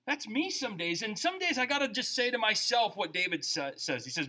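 Male pastor, middle-aged, high bright voice; animated conversational sermon with big swings in loudness. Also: a little fast, few pauses. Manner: animated, conversational preaching with shifting volume.

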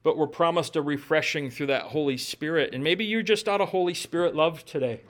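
A pastor delivers a heartfelt sermon in a voice that sits somewhat high for a man. He speaks earnestly and warmly encourages his listeners, leaning into each point with sincere conviction. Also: fairly quick.

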